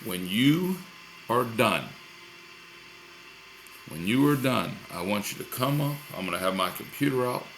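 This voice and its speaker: A man's voice: mid-range voice, lively intonation, measured pace, pauses often, a bit bright, a little hiss or hum. A male teacher recording a lesson video for his class, upbeat and encouraging, often repeating himself.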